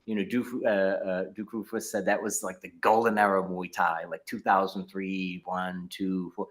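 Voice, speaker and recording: A middle-aged martial arts instructor tells his story in a casual video-call interview, full of fillers and restarts. He speaks in a low voice with flat delivery at a normal speed.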